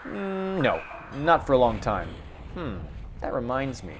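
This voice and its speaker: A man's voice: mid-range voice, a little slow. A man doing a proud little guard spider. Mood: matter-of-fact. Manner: earnest, boastful, repetitive. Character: eager male guard spider, proud and simple. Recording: steady background noise.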